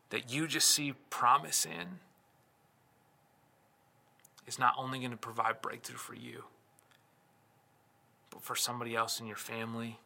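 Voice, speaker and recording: A man's voice: mid-range voice, creaky, bright, forceful tone. A man, a pastor, preaching a sermon with impassioned delivery, retelling scripture stories and building in intensity. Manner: storytelling scripture accounts.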